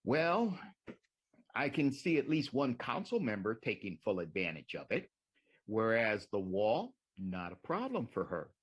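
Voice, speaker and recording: A man's voice: fairly low pitch, wildly swooping pitch, unhurried, breathy edge. A man making a sarcastic, needling public comment at a city council meeting.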